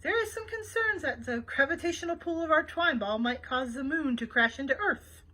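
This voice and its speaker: A woman's voice: sits high, animated, moderate pace, bright, forceful tone, rough recording. A woman reading the lines of a boastful woman tourist in disguise, no accent attempted. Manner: bragging, no real accent.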